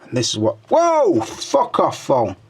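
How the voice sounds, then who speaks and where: A middle-aged man chats casually through viewer comments on his channel. His voice sits at an ordinary middle pitch, and he fills the talk with crude jokes and swearing. Between comments he drops into low mutters as he scrolls. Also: huge pitch swings, unhurried, darkish tone, husky. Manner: crude, joking banter full of swearing, muttering under his breath while scrolling. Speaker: toy reviewer and channel host.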